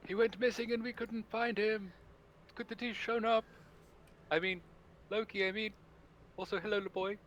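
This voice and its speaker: A man's voice: fairly even intonation, normal speed, long pauses, dull audio. A man voicing a kindly old man in a tabletop game. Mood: gentle. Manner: high, thin, quiet old voice.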